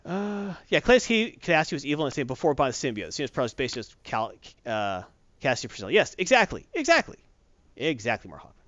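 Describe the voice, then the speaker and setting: A man's voice: mid-range voice, big pitch swings, quick pace, fairly bright tone, no echo. A man casually reviewing comic books, sarcastic and exasperated, rambling through his opinions. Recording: dull, lo-fi, dry.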